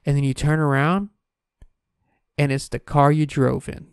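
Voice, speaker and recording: A man's voice: fairly high pitch, steady tone, unhurried, smooth, no room sound, studio quality. A man delivering a profane, exasperated comedic rant, exaggerating wildly. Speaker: comedic ranter.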